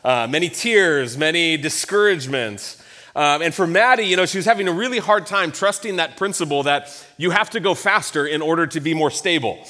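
A man's voice: fairly high pitch, fairly quick, bright, forceful tone. A man in his thirties preaching a sermon, telling a personal story in a conversational way with emphatic repetition. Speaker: pastor.

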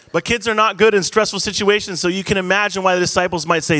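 A man's voice: high voice, fairly even intonation, fast, hardly any pauses, sharp tone. A man in his thirties preaching a sermon, telling stories in a casual, self-deprecating, conversational way. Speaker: pastor. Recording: echoey hall.

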